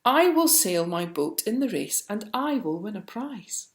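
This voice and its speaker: A woman's voice: mid-range voice, measured pace, slight background noise, pitched above the performer's own voice. Basil, a boastful fox, as a woman puts him on. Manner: boastful and excitable. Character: excitable boastful fox, quick to anger. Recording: roomy echo.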